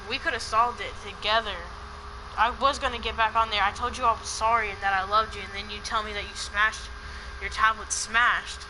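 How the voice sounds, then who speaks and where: A woman's voice: fairly high pitch, noisy background. A woman in a heated personal argument on a call, talking in an upset, repetitive way and swearing.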